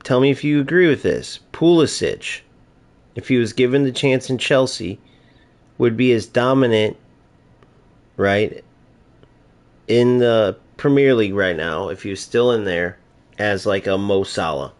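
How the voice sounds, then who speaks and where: A man's voice: lowish voice, a little slow, long pauses. An American man streaming a football video game, chatting casually and joking with viewers while he plays. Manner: talkative, joking, opinionated. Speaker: gaming streamer. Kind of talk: casual gameplay commentary.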